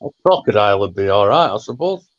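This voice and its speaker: A man's voice: on the low side, big pitch swings, fast, heavy background noise. A man making short, dry remarks in casual banter, swearing. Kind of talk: casual banter among friends. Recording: dull, dry lo-fi audio.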